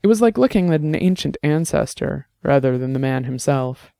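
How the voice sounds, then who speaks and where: A man reading a novel aloud in steady, scripted audiobook narration. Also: medium pitch, normal speed, creaky, dry recording, studio quality.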